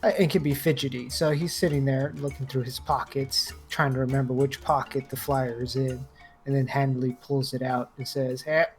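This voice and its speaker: A man playing in a tabletop game, describing his character in a relaxed, rambling way. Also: mid-range voice, moderate pace, soft background music. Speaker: player.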